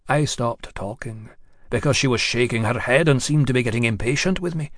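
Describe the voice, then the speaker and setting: A man narrating a story in the first person, in a measured, confiding way that speaks directly to the listener. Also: medium pitch, no echo, clean studio sound.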